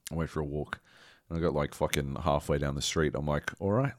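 Deep-voiced swearing man. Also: level tone, brisk, dry recording, clean studio sound. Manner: profane, rambling storytelling with dramatic quoted asides. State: lingering slight cough. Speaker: podcast co-host. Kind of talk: casual chat.

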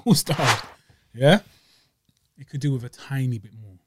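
A man's voice: medium pitch, fairly even intonation, moderate pace. Slangy young man, faint hiss. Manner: playful, slangy, interrupting with bits. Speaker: podcast co-host. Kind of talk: casual chat.

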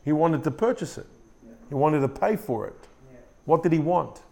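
A man's voice: on the high side, lively intonation, normal speed, creaky, warm tone. A male pastor preaching a sermon, often repeating and restarting words and putting questions to the congregation. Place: church room with a congregation.

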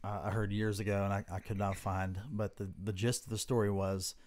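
A man co-hosting a casual talk podcast, telling a story in a relaxed conversational way. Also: on the low side, a little fast. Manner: tells stories, briefly mimics voices. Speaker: podcast co-host.

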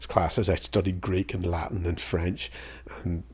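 Husky middle-aged northern irish guy, lowish voice, telling stories and acting out the back and forth. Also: unhurried. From Northern Ireland. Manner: animated storyteller, acts out both sides of old conversations. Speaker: guest. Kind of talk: casual storytelling interview.

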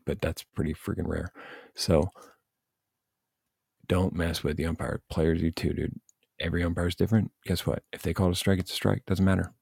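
A man's voice: low-pitched, vocal fry, slightly rough, no room sound, clean studio sound. A man giving blunt, profane coaching advice in a casual rant, speaking as a youth baseball coach and parent. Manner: blunt, profane, animated venting.

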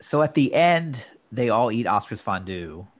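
A man's voice: mid-range voice, unhurried. A man co-hosting a podcast, chatting casually and recapping a sitcom episode scene by scene. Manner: animated, recaps scenes in detail. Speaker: podcast co-host.

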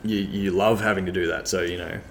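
A deep, monotone man speaks in a relaxed, rambling way, full of "you know" and "um". He sounds like a club cricketer chatting in an interview. Faint background noise sits under the voice. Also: brisk. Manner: relaxed, rambling with many fillers. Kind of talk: casual interview chat.

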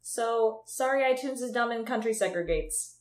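Midwest girl cohosting a podcast, kinda high voice, jokey and stumbly, echoey room. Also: normal speed. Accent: Midwestern American. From Michigan, USA. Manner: jokey, stumbles over words. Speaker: podcast co-host. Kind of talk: casual podcast chat. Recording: roomy echo.

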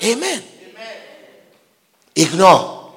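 A man preaching a sermon, emphatic and repetitive, often rising to shouts. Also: sits high, wildly swooping pitch, very slow, big-room sound.

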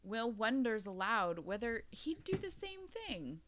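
Animated, swearing young woman podcaster. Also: a little high, a little slow, background noise. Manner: swears freely, laughs often, animated retelling. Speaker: podcast host. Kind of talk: casual book-club podcast chat.

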